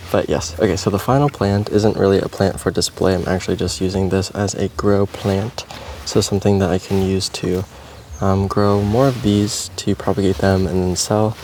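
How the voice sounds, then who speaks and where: A man vlogging about plant care in a relaxed, meandering casual chat while potting plants, with frequent ums and likes. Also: lowish voice, a little hiss or hum.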